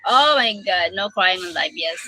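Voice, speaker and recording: A woman's voice: on the low side, animated, normal speed, bright, forceful tone, low-quality recording. A woman hosting a casual livestream, emotionally thanking viewers and reading out their comments. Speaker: livestream host.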